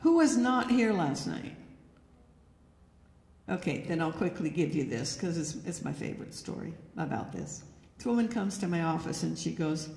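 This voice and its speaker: A woman's voice: mid-range voice, animated, moderate pace, vocal fry, warm tone. A woman giving an educational talk to an audience, telling anecdotes and acting out the quoted dialogue. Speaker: lecturer. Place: church hall. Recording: echoey hall with long reverb.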